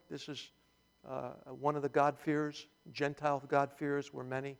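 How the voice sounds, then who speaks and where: A man's voice: mid-range voice, little pitch movement, moderate pace, gravelly, smooth. A male pastor preaching a sermon, telling the story with animation and humor, in a church hall. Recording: long hall reverb.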